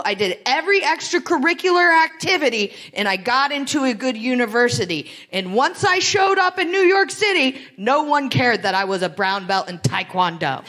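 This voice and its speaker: A woman in her late thirties from Ohio, performing a live stand-up set on a theatre stage with animated, exaggerated delivery. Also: fairly high pitch. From Greenville, Ohio, USA. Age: 30s. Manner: animated, exaggerated whiny impressions of friends. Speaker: stand-up comedian.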